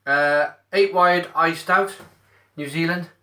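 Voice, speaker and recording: A man hosts a casual live stream, talking straight into his mobile phone. His voice sits a little high and sounds bright and forceful. He stays chatty and upbeat, answering viewers' comments aloud as he goes. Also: steady tone, slow pace. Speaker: beer reviewer streaming live. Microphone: mobile phone camera.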